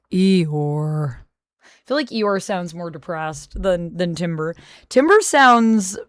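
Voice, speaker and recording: A woman's voice: mid-range voice, no room sound, clean studio sound. A young woman live-streaming, chatting casually and playfully with her viewers and thanking them. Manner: playful, teasing banter with chat.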